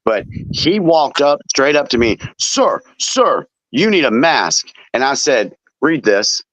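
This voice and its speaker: A man hosting a casual chat, telling defiant stories in a relaxed way. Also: medium pitch, measured pace, no echo. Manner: relaxed storyteller, defiant anecdotes. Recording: dull lo-fi dry sound.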